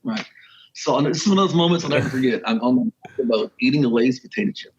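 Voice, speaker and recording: Animated man telling a story. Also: fast talker, highs cut off, a little hiss or hum. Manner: animated, with sudden jumps in pitch and pace. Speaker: podcast guest, wildlife photographer and journalist. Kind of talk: casual storytelling.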